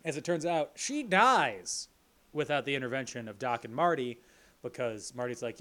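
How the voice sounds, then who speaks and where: A man's voice: medium pitch, animated, moderate pace, pushed and bright. A man co-hosting a podcast, recapping a movie plot in casual chat with playful jokes. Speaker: podcast co-host.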